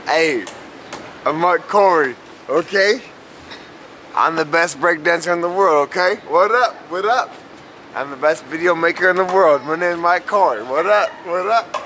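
A man's voice: on the high side, moderate pace, bright, forceful tone, slight background noise. A young man doing a swaggering, boastful parody vlog intro.

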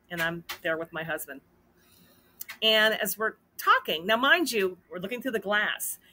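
A woman hosting a casual storytelling vlog, animated and acting out the dialogue in her story. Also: medium pitch. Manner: animated, acts out quoted dialogue. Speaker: host.

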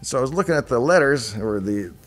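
A man's voice: medium pitch, lively intonation, brisk, soft background music. A middle-aged man hosting a show, casually thinking aloud as he reacts to on-screen designs with chatty asides. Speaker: show host reviewing software designs.

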